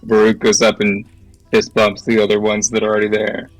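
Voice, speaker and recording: A man's voice: lowish voice, monotone, fairly quick, music in the background, rough recording. A man playing a tabletop game, telling a long story in a rambling, hesitant way. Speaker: player.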